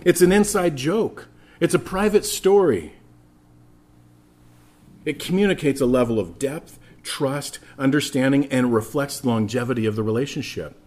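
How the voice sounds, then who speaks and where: A man's voice: mid-range voice, normal speed. A man preaching a sermon as pastor, telling stories and speaking straight to the congregation. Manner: animated storytelling, addresses congregation directly.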